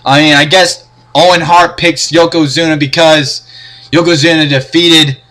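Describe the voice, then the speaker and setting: High, bright-voiced young man ranting. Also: steady tone, normal speed. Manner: sarcastic, profane, exasperated. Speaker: wrestling reviewer. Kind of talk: casual ranting review.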